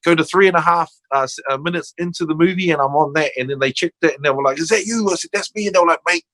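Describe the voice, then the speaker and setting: A man's voice: on the high side, very fast, low-quality recording. An older man with a New Zealand accent, a podcast guest telling stories in casual chat and acting out the voices of people in them. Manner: animated storyteller, acts out quoted voices.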